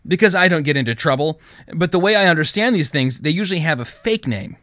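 Guy doing hyper jokey teen boy, higher and louder, excitable, dry close audiobook sound. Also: fast, dry recording. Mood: teasing. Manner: excitable, teasing, loud. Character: hyper, joking teenage boy.

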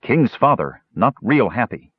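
A man's voice: measured pace, slightly rough, no echo. A man voicing an eager, simple-minded male dwarf who talks in broken, clipped phrases, in a dry, tinny audiobook recording. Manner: broken clipped speech, high and excited.

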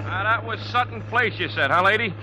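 Streetwise New cabbie, high, bright and brusque;, 1940s radio drama. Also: male voice, brisk, slight background noise, poor audio. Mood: sly. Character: gruff proud New York cab owner-driver.

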